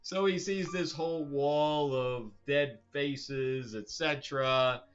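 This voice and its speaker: A man's voice: mid-range voice, takes it slowly, lo-fi sound. A male host giving a casual, opinionated comic book review that rambles, with many fillers and restarts. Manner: blunt, opinionated.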